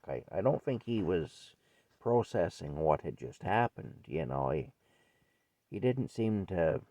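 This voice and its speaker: A man's voice: fairly low pitch, no echo. An older man telling a childhood story in a rambling, folksy way. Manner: rambling, folksy, repeats himself. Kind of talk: casual spoken memoir.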